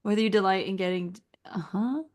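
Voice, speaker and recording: A woman walking through a website critique in a relaxed, conversational way. She talks casually and encouragingly, filling her sentences with "like" as she thinks aloud. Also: medium pitch, brisk. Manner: chatty, encouraging, uses "like" a lot. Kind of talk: casual screen-share critique.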